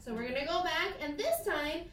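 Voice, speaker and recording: High-voiced woman teaching a class. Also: animated, brisk, a bit bright, a little hiss or hum. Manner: encouraging, questioning the class. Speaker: elementary school teacher. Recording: echoey classroom, mic far off.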